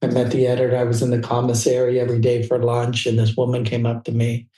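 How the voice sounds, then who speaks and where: An older man from California tells stories as a guest, his tone mellow and relaxed. He talks in an animated way. The sound is roomy, picked up from a mic set some way off. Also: quick pace, far from the mic. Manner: animated anecdotes, acts out quoted people in a higher voice. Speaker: guest, fashion photographer. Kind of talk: casual storytelling interview.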